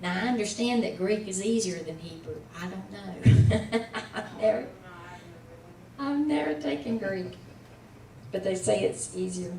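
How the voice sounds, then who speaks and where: A woman tutoring a student in Hebrew reading in a casual one-on-one lesson, patiently sounding out letters and syllables slowly. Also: mid-range voice, mellow, reverberant, recorded from a distance, rough recording.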